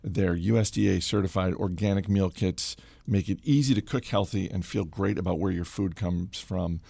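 A middle-aged man hosting a podcast, chatting casually and reading a sponsor ad with animated, self-deprecating stories. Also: deep voice, moderate pace, creaky, breathy edge, dry recording. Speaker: podcast host. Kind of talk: casual chat with host-read ad.

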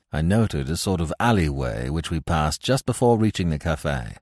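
A man giving scripted narration of a classic tale in a measured, expressive way. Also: rumbling low, dry recording, clean studio sound. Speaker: audiobook narrator.

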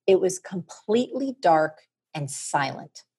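Middle-aged guest storyteller, low husky voice, lively. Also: female voice, a little slow. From New Jersey. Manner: animated, vivid storyteller. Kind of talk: personal storytelling on a podcast.

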